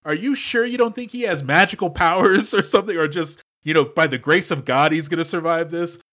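Casting note: male podcast co-host, eager and excitable, a bit higher-pitched than most men. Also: brisk. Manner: enthusiastic, excitable fan. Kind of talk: casual movie discussion.

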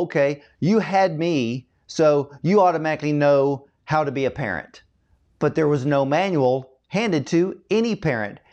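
A man hosting a faith interview, asking reflective questions with halting restarts. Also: a little high, darkish tone. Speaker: interview host. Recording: dull lo-fi sound.

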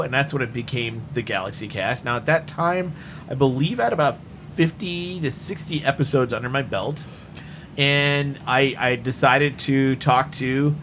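A man's voice: medium pitch, fairly bright tone, a little hiss or hum. A man hosting a podcast, telling its history in a rambling, self-deprecating way with frequent restarts. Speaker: podcast host. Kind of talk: casual podcast chat.

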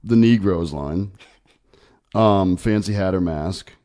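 A man's voice: low voice, slow pace, dark tone. A man co-hosting a podcast in casual chat, loose and laughing easily. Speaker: podcast co-host.

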